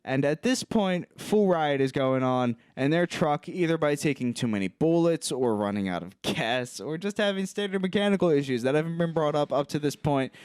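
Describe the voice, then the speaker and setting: A man co-hosting a comedy podcast, retelling a movie's plot in animated casual chat and putting on mocking voices for the characters. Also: a little high, normal speed, hardly any pauses, smooth, no room sound, studio quality. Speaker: podcast co-host.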